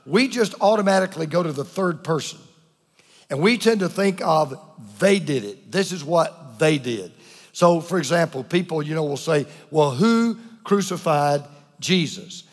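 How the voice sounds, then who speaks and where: A man preaching a sermon to his congregation. He speaks earnestly, repeats phrases for emphasis, and drops to a hush on the key words. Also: fairly high pitch, animated, normal speed, in a large hall. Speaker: pastor. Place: church.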